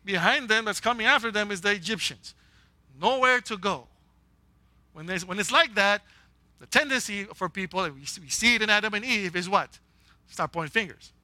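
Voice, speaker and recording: A man preaching with a high, bright, cutting voice, animated and joking, acting out the voices he quotes. The sound is dry and close, with no room echo. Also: moderate pace. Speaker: pastor. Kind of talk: sermon.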